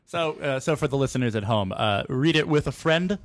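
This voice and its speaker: A man's voice: mid-range voice, animated, brisk, no echo. A man co-hosting a podcast, chatting casually about a book in a joking, rambling way. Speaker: podcast co-host. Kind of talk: casual book club chat.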